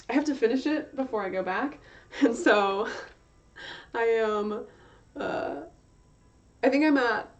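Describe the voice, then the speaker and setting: On slightly dull, lo-fi stream audio, a young woman talks casually while drawing for her livestream. She rambles with frequent fillers and corrects herself, and her medium-pitched voice is a little mellow.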